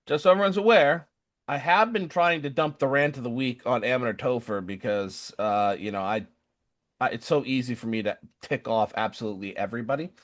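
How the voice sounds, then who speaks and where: A man's voice: mid-range voice, fairly quick. A young man co-hosting a podcast, ranting casually and acting out other people's lines. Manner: animated, acts out other people's lines in quoted voices. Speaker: podcast co-host.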